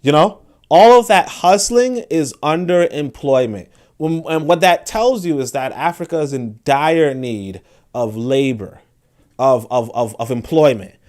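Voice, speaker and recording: A man with a fairly high voice, talking casually on a livestream. He rambles, restarts his sentences and breaks off to check in with his viewers. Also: animated, measured pace, darkish tone. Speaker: host.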